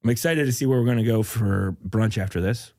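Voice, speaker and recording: A man's voice: on the low side, brisk, darkish tone, no room sound, studio quality. A man from the Midwest hosting a comedy podcast in casual chat, joking and riffing playfully. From American Midwest. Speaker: podcast host.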